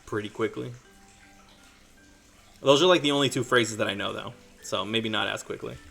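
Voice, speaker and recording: A man's voice: fairly low pitch, normal speed, creaky, a bit bright, soft background music. A man streaming while painting miniatures, chatting casually and jokingly with his viewers. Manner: jokey, rambling, talks to chat.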